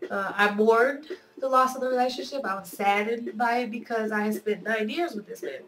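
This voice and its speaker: A woman's voice: on the high side, normal speed, fairly bright tone. A woman with a nasal voice from a cold, talking earnestly and candidly to her viewers in a personal video blog. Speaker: video blogger. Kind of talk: personal vlog monologue. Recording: roomy echo, voice a bit off-mic.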